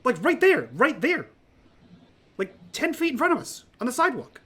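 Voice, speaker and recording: A man voicing a frantic, excitable young male character in a tabletop game, shrill and urgent. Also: moderate pace, breathy edge, exaggerated voice. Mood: insistent.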